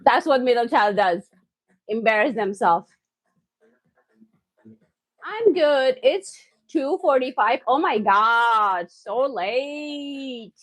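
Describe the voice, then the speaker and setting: A woman hosting a live cooking stream from her home kitchen, excitable and loud, often laughing at herself as she chats with viewers. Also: a little high, slow pace, pauses often, dry recording.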